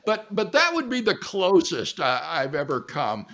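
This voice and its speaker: Animated older man, storytelling. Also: fairly high pitch, measured pace. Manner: animated storyteller, acts out quotes. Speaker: guest philosopher answering questions. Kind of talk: relaxed question-and-answer storytelling.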